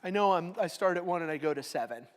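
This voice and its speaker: A woman's voice: on the low side, lively intonation, fast, a little mellow. Middle-aged woman teaching a Bible class. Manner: reads verses aloud with strong emphasis, then explains in a casual, joking way. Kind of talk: Bible study lesson.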